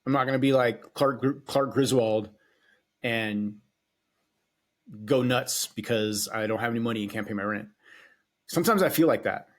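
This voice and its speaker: A man's voice: mid-range voice, normal speed, pauses often. A man hosting a solo podcast, talking in a casual, rambling way, swearing freely and hesitating often. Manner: rambling and profane, with frequent hesitations. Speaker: podcast host.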